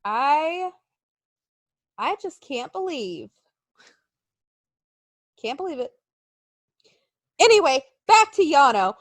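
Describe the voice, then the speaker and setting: Young woman cohost, high voice, fake-mad and sarcastic, swings all over. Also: big pitch swings, slow, long pauses, no echo, clean studio sound. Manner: mock-angry, sarcastic, swearing. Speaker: podcast co-host. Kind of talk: casual chat.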